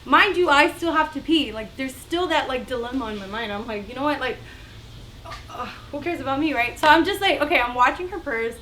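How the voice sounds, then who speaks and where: A young woman telling a story in a casual vlog, chatty and animated, acting out the other people's voices. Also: high-pitched, fairly quick, a little hiss or hum. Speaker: vlogger.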